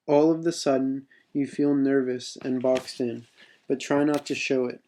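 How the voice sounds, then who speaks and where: A man's voice: mid-range voice, dark tone. Man casually reading his own story. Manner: unpolished reading with spoken asides. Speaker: writer reading his own mission text.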